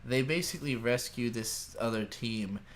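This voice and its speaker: A man's voice: medium pitch, moderate pace, slight background noise. A man co-hosting an anime podcast, talking in a rambling, crude, joking way. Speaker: podcast co-host. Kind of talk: casual anime discussion.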